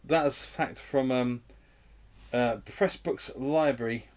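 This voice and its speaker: A man's voice: medium pitch, slow pace. A man co-hosting a casual comedy podcast, giggling and tossing in silly one-liners. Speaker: podcast co-host.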